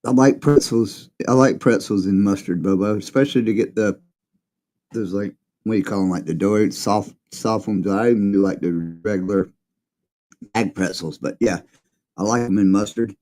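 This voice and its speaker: A man chatting casually on the side of a livestream in an easygoing, unhurried way. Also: lowish voice, fairly even intonation, mellow.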